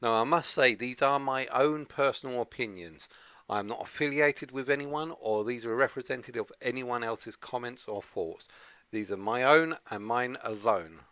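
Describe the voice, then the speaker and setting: A man's voice: medium pitch, moderate pace, fairly bright tone, clear, resonant tone, no room sound. A man hosting a top ten countdown of games, talking in an earnest, rambling way. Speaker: gaming channel host.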